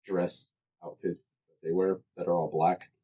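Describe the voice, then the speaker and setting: A man's voice: low-pitched, flat delivery, moderate pace, breathy edge. A man co-hosting a podcast in casual chat, laid-back and mostly giving short replies. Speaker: podcast co-host. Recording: dull lo-fi podcast audio.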